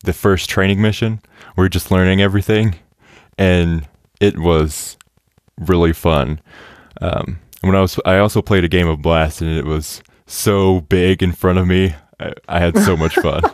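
A young man hosting a podcast in casual chat, excitable and laughing often, with many fillers. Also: sits low, moderate pace, no echo, studio quality. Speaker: podcast host.

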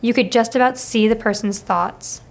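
A woman reads a children's novel aloud in a steady, expressive storybook narration. Her voice sits a little above the usual pitch for a woman. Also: normal speed, gravelly. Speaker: audiobook reader.

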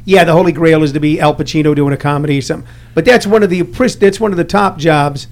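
High-voiced rambling man host. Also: fast talker. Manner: rambling, restarts, tells jokey anecdotes. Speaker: podcast host. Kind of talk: casual interview chat.

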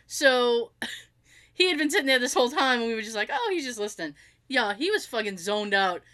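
Middle-aged woman, storyteller; animated, high and bright, acts out every quote. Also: a little fast. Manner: animated, laughs often while telling, acts out quotes. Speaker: storyteller in a chat. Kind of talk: casual anecdote telling.

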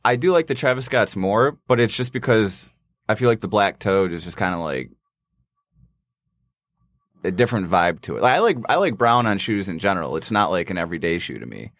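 A man co-hosting a podcast, chatting casually in a relaxed way. His voice sits fairly low, and he hedges often with fillers. The sound is close and dry, with no room echo. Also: brisk. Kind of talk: casual chat.

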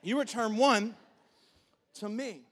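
A man in his thirties delivering a sermon from the pulpit. His voice sits high for a man, and he preaches with animated energy. He keeps slipping into short acted-out quotes of God and everyday churchgoers. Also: slow pace. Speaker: pastor.

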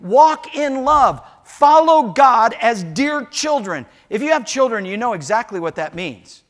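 With an extremely high pitch and a measured pace, an older pastor delivers a sermon in the church sanctuary. He animatedly spins homespun stories, trading jokes and asides with the congregation.

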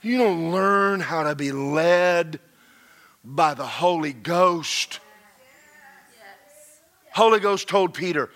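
A man preaching a sermon, swinging from low murmurs to shouted passages. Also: slow pace, pauses often. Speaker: pastor.

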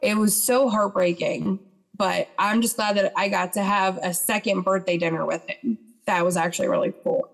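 A woman's voice: medium pitch, steady tone, moderate pace, vocal fry. Chatty woman telling a story. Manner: chatty, retells events with quoted dialogue. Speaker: podcast guest. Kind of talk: casual storytelling interview.

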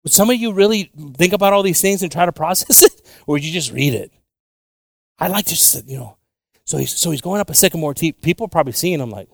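A male preacher gives a sermon in two languages, moving back and forth between Spanish and English. His voice sits a little high and rises and falls freely as he makes joking asides. The sound is dry and close. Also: expressive, fairly quick, gravelly, dry recording. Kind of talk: bilingual sermon.

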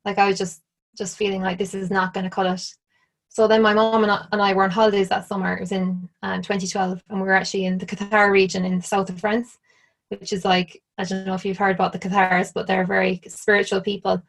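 Irish woman guest, mid-pitched, casual storyteller who keeps saying "like". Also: level tone, fast, gravelly. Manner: chatty, full of "like", acts out quoted lines. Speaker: interview guest.

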